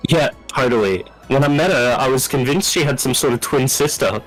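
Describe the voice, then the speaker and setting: A man's voice: medium pitch, brisk, faint music behind, close to an everyday voice, poor audio. A man voicing a cheery teenage schoolgirl class representative in a put-on valley girl voice. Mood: chatty.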